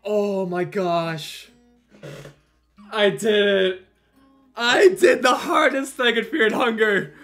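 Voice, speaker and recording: Early-20s male streamer, high and bright, shouty and profane, voice worn from yelling. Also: takes it slowly, long pauses, faint music behind. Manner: shouting, elated and swearing. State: throat strained from screaming. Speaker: gaming streamer. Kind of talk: excited gaming stream commentary.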